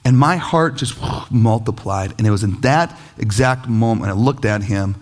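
A male pastor in his thirties preaching a sermon with animated, self-deprecating stories about parenting. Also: on the low side, moderate pace.

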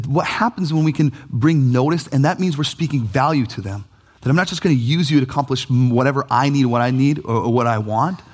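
A man, preaching a sermon as pastor in an animated, conversational way with jokey asides. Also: fairly high pitch.

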